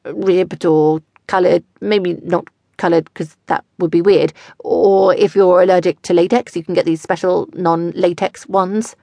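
Woman reading jittery teen boyfriend, stammering, low gravelly tone, dry close sound. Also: steady tone, moderate pace, a little mellow, dry recording. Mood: nervous. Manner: stammering, awkward. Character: teenage boyfriend, nervous, eager young man.

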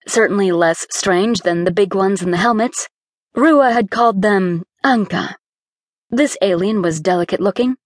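A woman's voice: medium pitch, no room sound. Woman narrating an audiobook, dry sound. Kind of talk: scripted narration.

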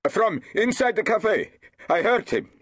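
A man plays a keen, self-important constable who cannot keep quiet, rushing to put himself at the centre of events. The voice is pitched high and jumps around eagerly. Dry, close audiobook read. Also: big pitch swings, husky, no echo, full character voice. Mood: excited. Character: eager, boastful male constable. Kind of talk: audiobook character voice.

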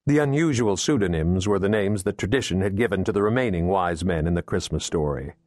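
A man reading a thriller audiobook in steady, measured scripted narration, recorded on a close studio mic. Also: sits low, no room sound. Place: recording booth.

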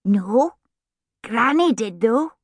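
A woman doing a chirpy little boy, high and blunt. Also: expressive, slow, no echo, clean studio sound. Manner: matter-of-fact, chirpy. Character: small curious cheeky boy, blunt and eager.

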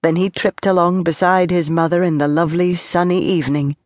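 Woman narrator, children's audiobook, low voice, gentle measured delivery. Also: level tone, no room sound, studio quality. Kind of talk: scripted narration.

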